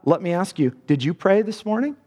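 A man's voice: sits high, expressive, a little fast, warm tone. A male pastor preaching a sermon in a church, earnest and building to fervent emphasis. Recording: long reverb of a large hall.

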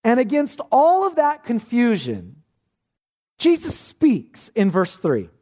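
High, lively-voiced preacher. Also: male voice, takes it slowly. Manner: emphatic, repeats words and restarts phrases. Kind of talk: expository sermon.

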